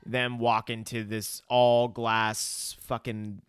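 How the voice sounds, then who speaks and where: A man of middle pitch, chatting casually with his co-host about a movie. He is wry and swears freely. The sound is dry and close. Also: little pitch movement, takes it slowly, clear, resonant tone, no room sound. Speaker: podcast co-host. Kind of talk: casual chat.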